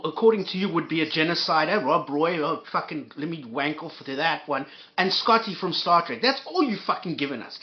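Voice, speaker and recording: A man's voice: a little high, dull audio. A man reacting to a clip with angry, profane ranting, sarcastic and insulting, often repeating and restarting his words.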